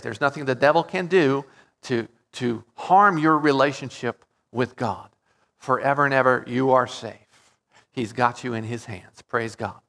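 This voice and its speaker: A man preaching a Bible-teaching sermon, stressing key words with loud drawn-out peaks and checking in with "okay?" and "right?". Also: mid-range voice, gravelly. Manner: explains Greek word meanings, frequent "okay?" and "right?".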